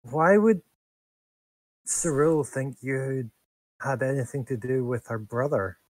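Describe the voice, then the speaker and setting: A man voicing a weakened, withered warrior who speaks in a measured, determined way. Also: mid-range voice, darkish tone, no room sound, lightly acted. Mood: weary, determined.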